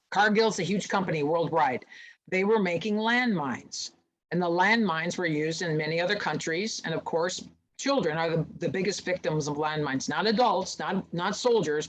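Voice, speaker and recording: A middle-aged woman, a volleyball referee official, telling stories in a casual interview and acting out the voices of the people she quotes. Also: low-quality recording. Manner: animated storyteller, acts out quoted voices with big pitch jumps.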